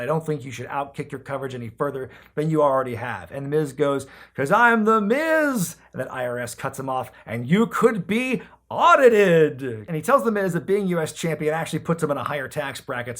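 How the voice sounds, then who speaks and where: A man casually recapping an old wrestling episode as a podcast host, joking, swearing now and then and acting out quoted lines. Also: a little high. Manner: animated, jokey, swears casually, acts out quotes.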